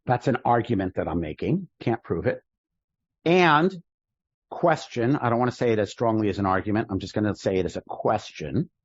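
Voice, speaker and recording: A man's voice: on the low side, animated, moderate pace, breathy edge, no room sound, lo-fi sound. A man, a rabbi, teaching a class in a casual lecture style, thinking aloud with restarts and rhetorical questions. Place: synagogue classroom with video call.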